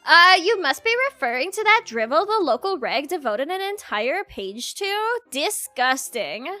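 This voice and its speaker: A woman's voice: sits high, very animated, measured pace, sharp tone, dry recording, soft background music, full character voice. A woman voicing a haughty, aristocratic male bird who acts as student council president, reading the game's dialogue aloud in a pompous, disdainful way.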